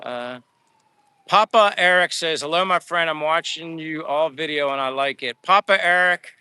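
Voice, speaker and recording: A man's voice: fairly high pitch, normal speed, sharp tone, clear, resonant tone, dry recording. A man from Pennsylvania, living abroad, chatting casually on a live stream as he reads viewer comments, rambling and grateful and stumbling over names. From Pennsylvania, USA. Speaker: expat vlogger reading live chat. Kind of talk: casual live-stream chat while walking. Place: outdoors in a Philippine town.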